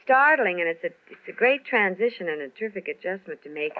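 A woman's voice: fairly low pitch, animated, brisk. A woman entertainer chatting in a radio interview, rambling, laughing and using lots of fillers. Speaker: entertainer guest. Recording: tinny old radio broadcast.

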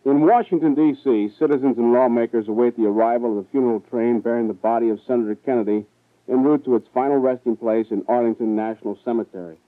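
A man anchoring a news broadcast, introducing segments in a formal, even delivery. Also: mid-range voice, fast talker, no echo. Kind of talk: broadcast announcing. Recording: tinny dry old broadcast audio.

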